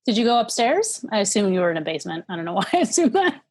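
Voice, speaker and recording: A woman's voice: medium pitch, sing-song, racing, darkish tone. A woman guesting on a podcast over a video call, teasing and laughing.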